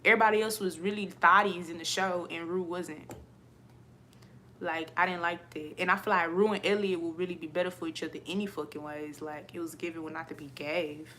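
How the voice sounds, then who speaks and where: A woman ranting to her viewers in a casual vlog, blunt and profane, animated and quick to laugh. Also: lowish voice, slight background noise. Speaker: vlogger.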